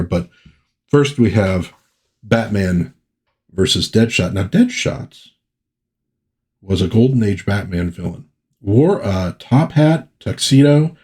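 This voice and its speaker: A man's voice: lowish voice, darkish tone, slightly rough. A man chatting casually through a comic book review, rambling and correcting himself as he goes.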